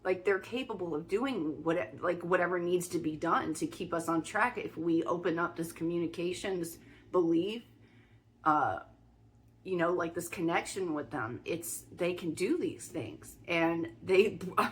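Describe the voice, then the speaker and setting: A woman's voice: on the low side, measured pace. A young woman vlogger telling a personal spiritual story in a casual, emphatic way, full of restarts and fillers.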